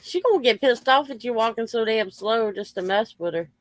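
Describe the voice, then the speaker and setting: A woman's voice: on the high side, fairly quick. Woman. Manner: coarse, chatty, scolds and coos at dogs. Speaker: vlogger talking to her dogs. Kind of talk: casual chat with pets. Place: home with dogs around.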